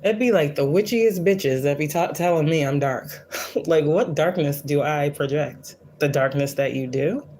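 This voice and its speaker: A woman with a low-pitched, darkish voice talks at normal speed, with a little hiss or hum in the recording. Hosting a casual spiritual livestream as a reader, she comes across as blunt, profane, preachy and defiant, often repeating lines to stress them.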